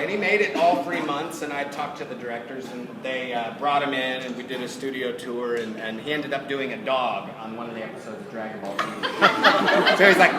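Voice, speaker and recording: A man's voice: moderate pace, a loud crowd. A man who is a voice actor, telling jokey stories on a convention panel and acting out the voices in them. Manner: animated, jokey, acts out quotes with big pitch jumps and laughs. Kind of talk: lively convention panel storytelling. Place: large convention hall. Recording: far-off echoey hall recording with noise.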